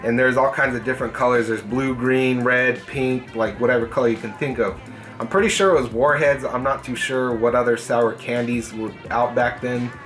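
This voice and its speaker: A young man hosting a vlog, casually telling a story from school, swearing freely and animated. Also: mid-range voice, normal speed, soft background music. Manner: profane, animated, puts on voices in quotes. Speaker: gaming channel host.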